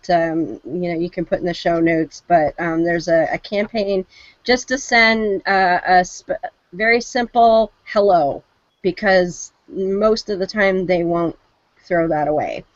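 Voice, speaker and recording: A woman co-host speaks slowly and hesitantly, filling pauses with ums and uhs. The sound is dry and close. It is also dull and lo-fi. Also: lowish voice, fairly even intonation, dry recording. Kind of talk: casual chat.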